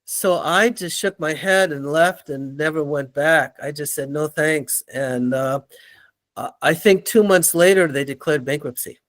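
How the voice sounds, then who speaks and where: An older man, a guest in an interview, telling animated stories and acting out the people in them. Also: fairly high pitch, unhurried. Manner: animated storyteller, acts out quoted voices. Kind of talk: storytelling in an interview.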